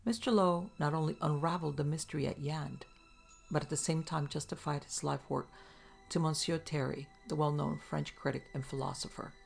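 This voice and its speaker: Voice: mid-range voice, fairly even intonation, gravelly, breathy edge, faint music behind. A narrator reading an old ghost story aloud with dramatic pacing. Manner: dramatic, slow in places.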